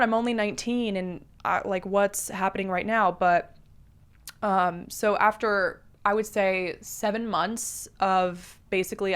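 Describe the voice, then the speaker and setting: Woman in her twenties, interview guest, casual storytelling, animated, lots of "like", mid-pitched voice. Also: smooth. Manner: animated, heavy use of "like", acts out quotes.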